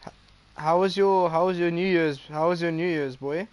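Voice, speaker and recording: A man's voice: fairly high pitch, moderate pace, smooth, no echo. A young man chatting casually while streaming a game, swearing loosely and laughing often. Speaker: gaming streamer.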